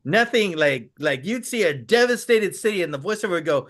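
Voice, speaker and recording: A man's voice: sits high, lively intonation, fairly quick, few pauses, a bit bright. A man talking as a podcast guest, telling memories eagerly in a rambling way and acting out quoted lines. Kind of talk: casual interview chat.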